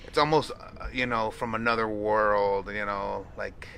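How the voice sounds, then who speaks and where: A man's voice: on the low side, fairly even intonation, unhurried, creaky, fairly bright tone, a little hiss or hum. A man co-hosting a casual podcast, talking loosely with lots of fillers and restarts. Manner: rambling, many fillers and restarts. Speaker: podcast co-host. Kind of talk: casual chat.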